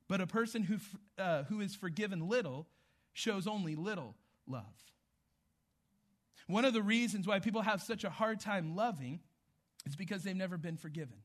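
A man's voice: high voice, normal speed. A man preaching a sermon as pastor, in a conversational storytelling manner. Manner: conversational storytelling, animated retelling.

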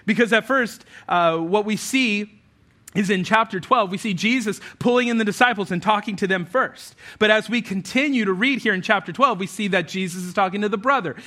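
A man's voice: high voice, fairly quick, sharp tone. A man preaching a conversational sermon as pastor, animating the story with acted quotes.

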